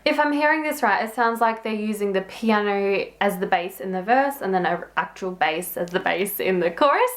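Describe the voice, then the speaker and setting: A woman's voice: medium pitch, animated, moderate pace, hardly any pauses. A young woman chatting casually as she reacts to a song, full of "like" and "um", giggling often. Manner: chatty, lots of "like" and "um" fillers, giggly. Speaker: music reaction vlogger. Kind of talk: casual music reaction commentary. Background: song playing faintly underneath.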